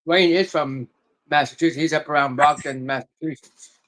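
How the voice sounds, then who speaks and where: Man, fairly high pitch, casual chat, matter-of-fact. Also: fairly even intonation, moderate pace, fairly bright tone.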